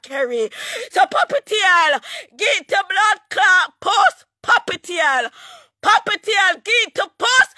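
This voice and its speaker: A woman with a Jamaican patois accent ranting angrily on a livestream, shouting, cursing and taunting over and over, her voice breaking near tears at times. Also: high-pitched, dry recording, clean studio sound. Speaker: online ranter. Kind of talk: angry livestream rant.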